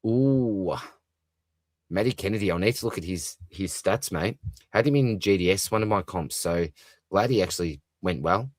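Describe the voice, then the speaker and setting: A man's voice: deep voice, normal speed, no echo. An Australian man hosting a live fantasy football stream, reading chat comments aloud and replying in a chatty, matey way with lots of fillers. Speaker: fantasy football livestream host.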